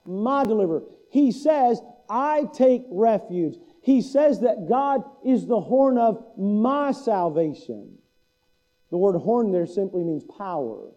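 A man's voice: high voice, mellow, dull audio. A man preaching a sermon as pastor, asking the listeners a string of rhetorical questions and building to urgent emphasis.

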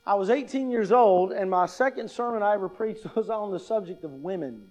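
A fairly quick, slightly mellow, high-pitched male voice belongs to a pastor in his fifties. He gives a conversational teaching talk on public speaking, often asking "right?" and adding wry humor.

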